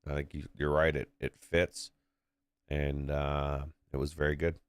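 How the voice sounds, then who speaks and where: A man's voice: rumbling low, level tone, a little slow, clear, resonant tone, no echo, studio quality. A man co-hosting a podcast who chats casually about a game, often stammering and repeating words. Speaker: podcast co-host. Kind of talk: casual game review chat.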